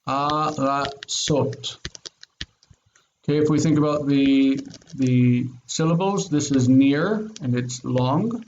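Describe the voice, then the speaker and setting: A man's voice: medium pitch, a little slow, hardly any pauses, dark tone. A male Hebrew teacher giving an online grammar lesson, explaining patiently, repeating words and checking understanding with "okay?". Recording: dull lo-fi sound with faint noise.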